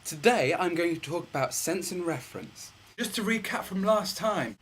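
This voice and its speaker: A young man talks through a philosophy idea in a loose, playful vlog, rambling and repeating words for comic effect. His voice sits fairly high for a man and swings widely in pitch. There is a faint background hiss. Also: lively intonation, normal speed, hardly any pauses, fairly bright tone. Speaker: vlogger explaining philosophy. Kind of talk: casual explainer vlog.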